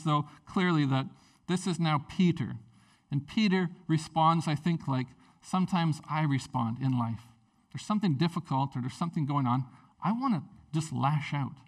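A male pastor preaching a sermon in a conversational, animated way, with frequent fillers and restarts. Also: a little high, recorded from a distance.

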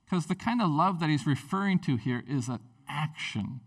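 Guy preaching a laid-back sermon, chatty and animated, mic a bit far off. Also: on the high side, normal speed, few pauses. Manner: conversational, animated preaching with many fillers. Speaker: pastor.

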